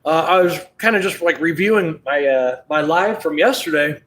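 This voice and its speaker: A man's voice: on the high side, lively intonation, moderate pace, fairly bright tone, echoey room, a little hiss or hum. A man chatting casually on a live stream while working on a car, laid-back and rambling, laughing often. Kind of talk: casual live-stream chat while doing body work.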